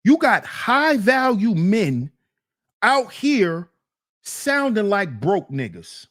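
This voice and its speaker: A man hosting a solo commentary show, reacting to a clip with teasing, drawn-out rhetorical questions. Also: sits high, big pitch swings, a bit bright. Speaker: commentary channel host.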